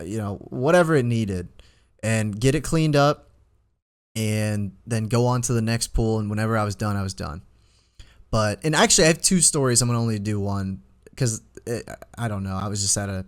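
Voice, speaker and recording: A man in his twenties, a podcast co-host, telling a long story in casual chat, with many restarts. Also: fairly low pitch. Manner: rambling storyteller, many restarts, animated when quoting himself.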